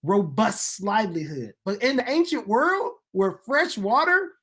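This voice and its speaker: A woman in casual conversation, explaining the Bible in an animated way and building her points to emphatic peaks. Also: medium pitch, measured pace, slightly rough. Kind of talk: casual discussion of Bible history.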